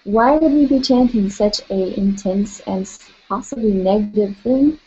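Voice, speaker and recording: In a lo-fi recording with a little hiss or hum, a woman runs a guided tapping session. She names the tapping points and gently coaches affirmations in a mid-range voice at a moderate pace.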